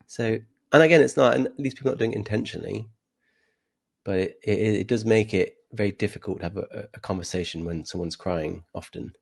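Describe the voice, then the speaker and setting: A young man speaking as a podcast guest, reflective and measured, hedging his points in casual conversation. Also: on the low side, gravelly, a little mellow, slightly rough, dry recording. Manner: reflective, measured, with many hedges.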